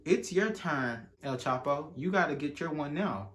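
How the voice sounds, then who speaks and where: Young man telling an animated storytime. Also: a little high, moderate pace. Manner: animated, slangy, acts out quotes from the story. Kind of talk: casual storytime.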